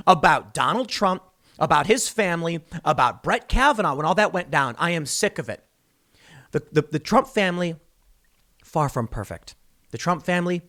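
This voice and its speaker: A man's voice: sits high, a bit bright. A man giving a heated solo political commentary, mocking and sarcastic as he talks.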